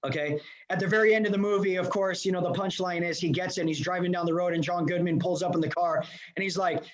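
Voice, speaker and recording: Male leadership coach, high voice, energetic, talks straight at the audience; dull video-call sound. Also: fast talker. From Los Angeles. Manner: energetic, addresses audience directly. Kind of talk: motivational seminar talk. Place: remote presentation to a live room.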